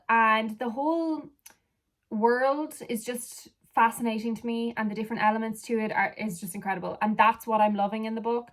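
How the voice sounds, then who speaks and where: A young Irish woman who makes book vlogs chats casually at home, drifting off on tangents while sitting far back from the camera. Her voice is a little high.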